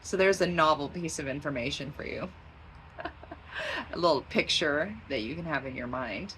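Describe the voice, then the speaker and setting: A woman's voice: sits low, normal speed, fairly bright tone, a little hiss or hum, low-quality recording. A woman talking in a rambling, stream-of-consciousness vlog, drifting into tangents and laughing often. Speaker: vlogger.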